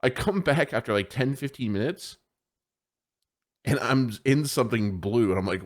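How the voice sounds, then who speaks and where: A man's voice: medium pitch, moderate pace. A man co-hosting a podcast, chatting casually and telling stories, acting out voices and swearing a lot. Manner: animated storyteller, swears often, acts out voices. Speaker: podcast co-host. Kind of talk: casual chat.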